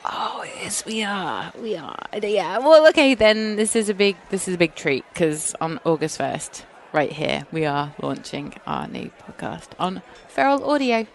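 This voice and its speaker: A woman's voice: fairly low pitch, big pitch swings, unhurried, few pauses, a little hiss or hum. A woman co-hosting a casual podcast chat, teasing and giggly. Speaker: podcast co-host.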